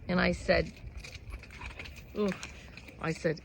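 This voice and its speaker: A woman's voice: fairly low pitch, normal speed, vocal fry, long pauses, noisy background. A woman musing casually to camera about happiness and freedom. She rambles in an earnest tone, with laughs between thoughts. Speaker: vlogger. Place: outdoors at home with animals.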